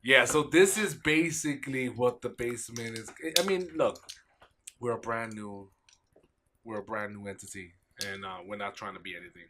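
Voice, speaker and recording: A man with a very bright, edgy voice hosts a relaxed home podcast and ribs his co-host with quick jokes. A faint noise sits under the recording. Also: medium pitch. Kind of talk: casual chat. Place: home basement studio.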